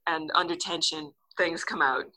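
An older woman, an actress and interview guest, telling a story in a casual, lively way and acting out the lines she quotes. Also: moderate pace, rough recording. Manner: lively, acts out quotes with big pitch jumps.

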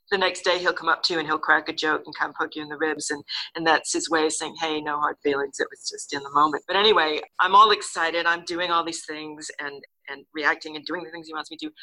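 An older woman, an actress and interview guest, telling a story in a casual, lively way and acting out the lines she quotes. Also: low-quality recording. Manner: lively, acts out quotes with big pitch jumps.

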